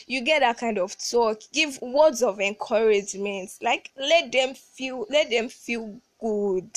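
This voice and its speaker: A woman's voice: fairly high pitch, lively intonation, a little slow, hardly any pauses, dry recording. Emphatic woman podcaster, dry sound. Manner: emphatic, repeats words for stress. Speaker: podcast host. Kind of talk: solo advice podcast.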